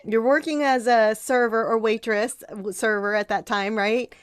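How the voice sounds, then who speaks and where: A woman's voice: fairly high pitch, steady tone, moderate pace, clean tone, no room sound, studio quality. A woman hosting a podcast interview who talks enthusiastically, rambling and restarting her questions. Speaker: podcast host.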